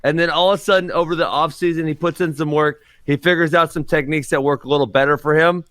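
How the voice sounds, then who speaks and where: Man co-host, bright and tense, exasperated rant, dry close call mic. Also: fairly high pitch, fairly even intonation, fast talker, dry recording. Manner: exasperated, ranting. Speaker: podcast co-host. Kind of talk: casual sports chat. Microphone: remote call mic.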